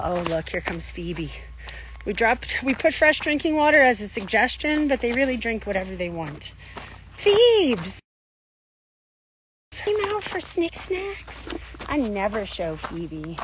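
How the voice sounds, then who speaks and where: A woman hosting a casual vlog walkthrough at an animal refuge, cooing at the animals in baby talk. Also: mid-range voice. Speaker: animal refuge caretaker and host. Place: outdoors at a rural animal refuge. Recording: outdoor noise with animals.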